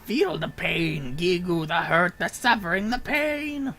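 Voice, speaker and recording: A man's voice: sits high, expressive, measured pace, crowd noise, pitched above the performer's own voice. A man voicing a pompous, menacing male kobold boss who stacks his threats in theatrical lists. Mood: gloating.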